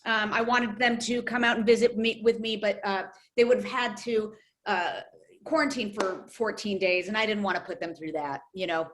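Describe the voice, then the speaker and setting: A woman actress chatting on a video call, playful and animated. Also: medium pitch, normal speed, a little hiss or hum. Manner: playful, animated, does silly voices. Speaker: guest, actress. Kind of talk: casual video-call chat.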